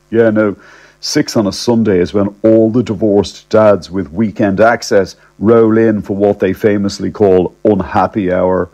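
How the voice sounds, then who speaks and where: A man narrating a comic first-person story in a wry, deadpan, chatty way. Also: fairly low pitch, measured pace.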